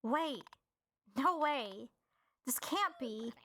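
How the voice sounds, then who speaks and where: A woman's voice: high-pitched, expressive, drawn-out words, fairly bright tone. A young woman streamer reading a game's text aloud, then reacting with sarcastic, exasperated outbursts and swearing. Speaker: streamer playing a visual novel.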